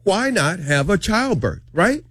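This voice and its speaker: A man tells a story on morning radio, his high voice swooping all over as he acts out what people said. The studio sound is dry and close, with no room around it. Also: a little slow, husky, no room sound. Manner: animated, acts out quotes in a raised voice. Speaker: radio show co-host.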